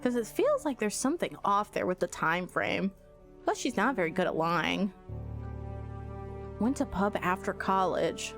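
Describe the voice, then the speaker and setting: Giggly, animated woman streamer. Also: medium pitch, unhurried, gravelly, faint music behind. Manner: chatty, giggly storytelling and thinking aloud. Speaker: streamer playing a game. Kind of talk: casual live-stream chat.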